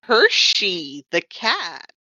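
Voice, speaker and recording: A woman's voice: medium pitch, wildly swooping pitch, very slow, bright, forceful tone, no room sound. A woman who worked as a comics writer and colorist, chatting casually on a podcast and rambling with wry self-corrections.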